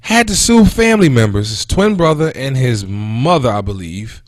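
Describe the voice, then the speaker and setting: A man in his thirties talks straight into a close, dry mic as host of a casual talk show. His voice swings up and down as he vents with animated indignation, and his pitch sits in an ordinary middle range. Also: moderate pace, dry recording. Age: 30s. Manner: animated and indignant, with pitch jumping when quoting and venting. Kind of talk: casual talk radio monologue.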